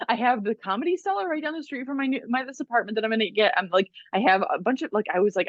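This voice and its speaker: A woman's voice: medium pitch, fast, dry recording, muffled recording. A woman co-hosting a podcast, telling stories in casual chat, full of "like"s and laughter. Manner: animated storytelling with many "like"s and laughs. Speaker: podcast co-host.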